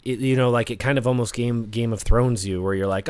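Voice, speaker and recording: A man's voice: mid-range voice, steady tone, brisk, few pauses, darkish tone, clear, resonant tone, no room sound. Rambling man in casual chat. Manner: rambling, many fillers. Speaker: podcast co-host.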